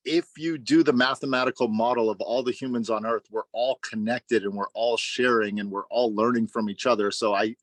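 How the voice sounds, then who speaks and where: A man in a casual online study group, talking expansively in a philosophical, musing way. His voice sits at a middle pitch. The recording is close and dry over a video call. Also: no echo.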